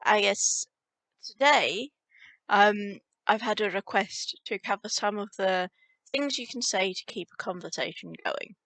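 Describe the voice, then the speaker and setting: A woman teaching a spoken language lesson casually, repeating example phrases slowly and clearly for learners to practise. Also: medium pitch, a bit bright, no room sound.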